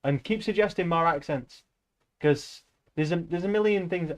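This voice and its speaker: A man's voice: fairly high pitch, moderate pace. A young man streaming, chatting to viewers in a rambling, offhand way and swearing casually. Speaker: livestreamer.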